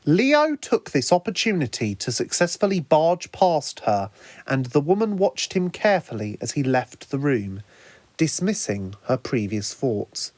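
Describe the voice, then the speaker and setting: A man narrating his own fan story in a lively storytelling manner. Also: fairly high pitch, a little slow, dry recording. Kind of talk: fan audiobook reading.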